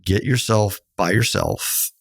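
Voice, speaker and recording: Low gravelly-voiced man giving earnest advice. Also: huge pitch swings, takes it slowly, dry recording, clean studio sound. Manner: earnest, coaching, quotes people in a higher voice. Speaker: podcast co-host, counselor. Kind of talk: conversational advice talk.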